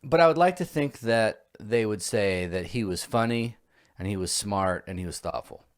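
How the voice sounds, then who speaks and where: A man's voice: on the low side, expressive, normal speed. A man co-hosting a podcast in casual chat, rambling and self-reflective, with many fillers and restarts. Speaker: podcast co-host.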